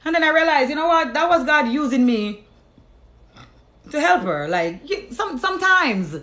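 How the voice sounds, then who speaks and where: A woman's voice: lively intonation, normal speed, fairly bright tone. A woman giving a casual, emphatic and profane monologue, telling her life testimony to an audience. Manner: emphatic and profane, acts out conversations with God in lower tones. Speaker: storyteller sharing her testimony.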